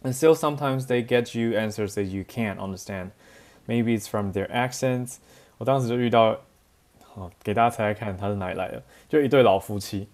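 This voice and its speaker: Guy teaching class, lowish voice, tells stories all animated, laughs a lot. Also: brisk. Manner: animated storytelling, switching between languages, frequent laughs and fillers. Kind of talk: bilingual classroom lecture with anecdotes.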